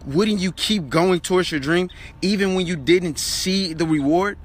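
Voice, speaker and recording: A man's voice: high-pitched, measured pace. A man giving an urgent, repetitive motivational Bible talk as an online preacher, urging viewers to keep working.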